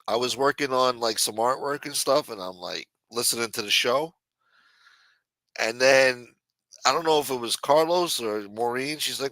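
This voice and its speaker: Guy hosting a stream, bright forceful voice, cussing and chatting, super dry sound. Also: medium pitch, moderate pace, dry recording. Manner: profane, chatty, animated retelling with voiced quotes. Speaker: livestream host. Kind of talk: casual livestream chat reading the chat.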